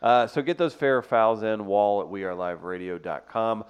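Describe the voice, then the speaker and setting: A man's voice: on the low side, moderate pace, clear, resonant tone, highs cut off. A man hosting a live radio show, joking around in casual banter with his co-hosts. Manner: joking, laughs often, playful.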